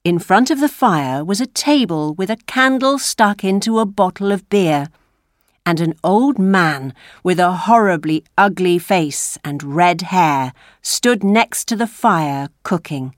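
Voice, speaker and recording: A woman narrating a classic story aloud for language learners, slow and expressive. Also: fairly low pitch, dry recording, clean studio sound. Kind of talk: reading a graded story aloud.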